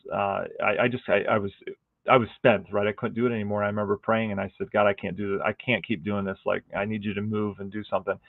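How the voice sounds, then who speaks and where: A man's voice: on the low side, no room sound. A middle-aged man, a meteorologist, chatting casually and earnestly with viewers on a livestream, rambling with many fillers and restarts. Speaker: meteorologist hosting a weather livestream. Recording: tinny phone-like audio.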